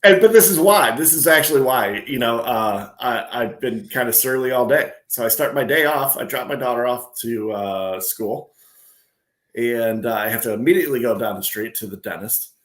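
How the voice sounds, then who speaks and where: A male podcast co-host tells a story in a ranting, exasperated way. His voice sits at a middle pitch. The recording carries a noticeable roomy echo. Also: lively intonation, moderate pace. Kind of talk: casual podcast banter.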